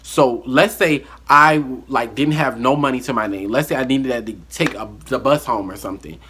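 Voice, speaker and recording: A man telling a story from his life in a casual vlog monologue, animated and acting out the dialogue. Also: mid-range voice, moderate pace, slight background noise.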